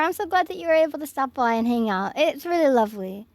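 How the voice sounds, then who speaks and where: Young woman streamer, high voice, giggly and gushing, dry close mic. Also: expressive, quick pace, dry recording. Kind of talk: casual stream sign-off chat. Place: home office.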